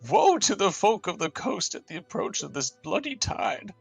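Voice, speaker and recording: A man's voice: high voice, very animated, moderate pace, gravelly, slightly rough, faint music behind, voice pushed up, heavily acted, poor audio. A man voicing an old male mage reading his own journal aloud in a solemn old-man voice. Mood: grave.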